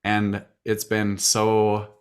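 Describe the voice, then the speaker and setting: A man speaking in a halting, reflective way in a podcast conversation. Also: on the low side, completely flat delivery, clean tone.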